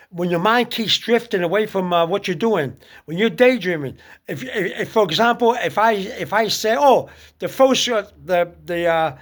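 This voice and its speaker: A man giving casual spoken advice on prayer, halting often with fillers and restarts. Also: high voice, a bit bright. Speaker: speaker giving religious advice.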